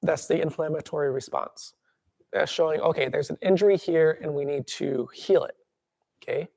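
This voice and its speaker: A man teaching a tuina workshop, calmly guiding breathing and then explaining with lively acted-out examples. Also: a little high, normal speed, creaky, no echo, clean studio sound.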